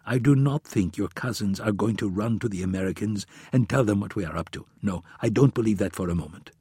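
A man voicing a careful, serious adult plotter in an audiobook, speaking in measured, earnest tones. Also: lowish voice, mellow, slightly rough, dry recording.

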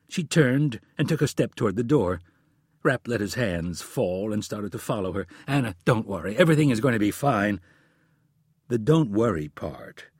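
A man reading a thriller audiobook in a steady, measured scripted narration. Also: mid-range voice, breathy edge, no room sound, studio quality.

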